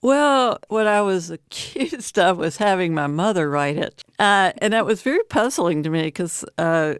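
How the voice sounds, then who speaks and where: A woman's voice: lowish voice, animated, clear, resonant tone, dry recording, studio quality. A middle-aged woman poet from Appalachian Virginia, chatting reflectively as an interview guest and laughing often. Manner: reflective, laughs often, speaks slowly at times. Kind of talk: casual interview chat.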